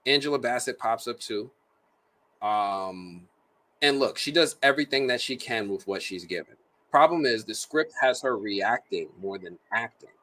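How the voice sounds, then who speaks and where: A man's voice: medium pitch, normal speed. A man reviewing a movie in a casual, jokey, slang-filled way. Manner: animated, slangy, jokey delivery.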